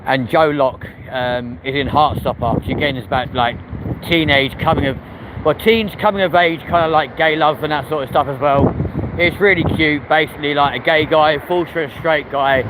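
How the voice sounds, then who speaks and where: A man's voice: fairly high pitch, moderate pace. A man with a London accent chatting in a rambling, cheeky way as he hosts a live stream while walking outdoors on a city street. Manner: chatty, rambling and cheeky, answers viewer comments. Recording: wind and street noise on the mic. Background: traffic and wind.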